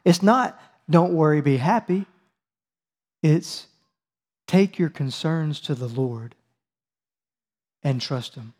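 A man's voice: on the high side, takes it slowly, pauses often, a little mellow. A man preaching a teaching sermon, reading scripture and calling on his listeners to answer aloud. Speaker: preacher leading a Bible study.

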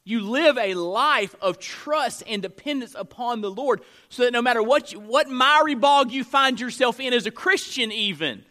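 A man's voice: extremely high pitch, expressive, normal speed, few pauses, sharp tone. A male pastor preaching a sermon to a live congregation. He speaks emphatically and conversationally, often checking in with "right?". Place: church room with a live congregation.

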